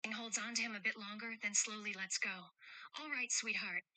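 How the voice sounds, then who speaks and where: Woman playing a gentle, teasing guardian of two kids, bright dry voice, reads her own actions aloud. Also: medium pitch, steady tone, moderate pace, no echo, rough recording. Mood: tender, playful. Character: caring adult woman protecting two children. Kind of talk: role-play chat read aloud with stage directions.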